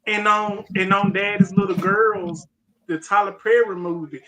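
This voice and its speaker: A woman's voice: mid-range voice, normal speed. A woman chatting casually on a live video call, telling stories in a loose, slangy way with lots of laughter. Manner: laughing, animated storyteller, slangy. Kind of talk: casual chat.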